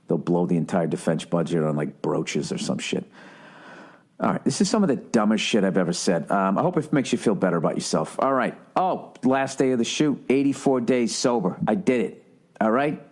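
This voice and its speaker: A man's voice: on the low side, lively intonation, a little fast, darkish tone. A middle-aged man hosting his own podcast, riffing sarcastically in a profane, rambling comedic monologue. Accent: Boston. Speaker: podcast host.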